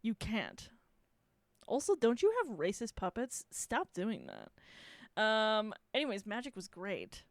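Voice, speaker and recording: Lively-voiced woman gushing on a podcast. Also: mid-range voice, takes it slowly, no room sound. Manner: gushing, swears freely, laughs often. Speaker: podcast host. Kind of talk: casual solo podcast chat.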